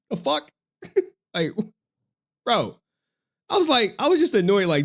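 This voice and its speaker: A man with a notably high voice rants through a reaction livestream. He talks in an animated, profane way and keeps breaking into laughter. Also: normal speed, pauses often. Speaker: streamer. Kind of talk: reaction stream commentary.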